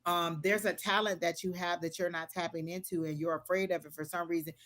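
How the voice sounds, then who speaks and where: A woman's voice: fairly low pitch, steady tone, fairly quick, fairly bright tone, soft background music. A woman giving psychic readings to viewers on a live stream, talking in an earnest, repetitive, motivational way with casual phrasing. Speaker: tarot and psychic reader.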